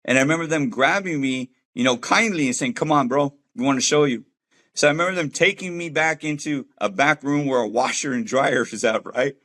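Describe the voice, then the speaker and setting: A man's voice: mid-range voice, a little fast, fairly bright tone. A man giving an earnest, heartfelt personal faith testimony about leaving gang life, speaking casually with street slang. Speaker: former gang member sharing a faith testimony.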